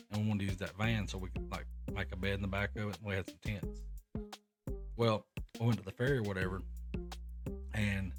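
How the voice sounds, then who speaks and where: A young man hosting a podcast, telling rambling, profane stories in casual chat. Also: lowish voice. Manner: profane, rambling anecdotes with animated quoted voices. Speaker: podcast host. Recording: music playing in the background.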